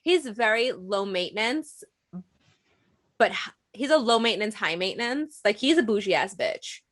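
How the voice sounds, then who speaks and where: Speaking at a moderate pace with medium pitch, this young podcast co-host tells stories in easygoing conversation. She brings them to life by performing the quotes, and laughter comes frequently.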